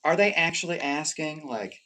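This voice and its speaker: A man streams live and chats casually, wandering off topic, swearing freely and restarting sentences. His animated, bright, forceful voice moves at normal speed, jumping from emphatic outbursts to low muttered asides.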